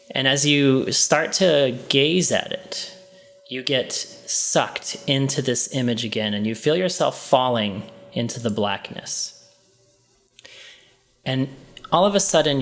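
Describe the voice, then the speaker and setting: Male game master, mid-pitched, slow descriptive narration with ums and restarts. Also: a bit bright.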